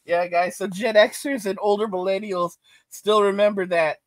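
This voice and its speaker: A man's voice: high voice, steady tone, moderate pace, no room sound. A middle-aged man hosting casual reaction commentary, reading out chat comments, ranting and repeating lines for emphasis with frequent laughs.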